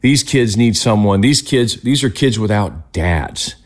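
A man's voice: on the low side, expressive, unhurried. A man hosting an interview, talking in an enthusiastic, encouraging way. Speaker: host. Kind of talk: conversational interview.

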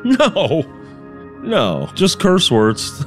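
Man, street preacher, lively swinging pitch, emphatic storyteller, faint music behind. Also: measured pace. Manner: emphatic, quotes others in dialogue, many restarts. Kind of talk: animated storytelling in an interview.

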